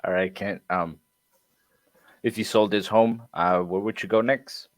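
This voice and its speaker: A man practicing a sales script as a trainee, rehearsing lines in a measured way with short fillers. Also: lowish voice, steady tone.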